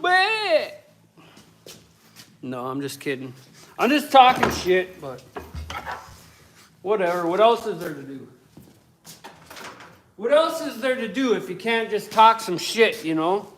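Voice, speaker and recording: A man's voice: high-pitched, big pitch swings, a little slow, long pauses, fairly bright tone, slight background noise. A man livestreaming from his home workshop, swearing constantly and ranting at his chat while he builds. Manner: profane, combative, ranting. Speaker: livestreaming woodworker. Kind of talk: casual livestream rant while working.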